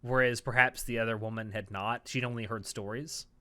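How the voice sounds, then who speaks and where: A man chatting through an anime episode on a podcast, easygoing and prone to laughing. His voice is bright and clear, with false starts as he works out his thoughts. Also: mid-range voice, steady tone, a little fast. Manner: laid-back, laughs often, stumbles and restarts. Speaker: podcast co-host. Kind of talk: casual anime review chat.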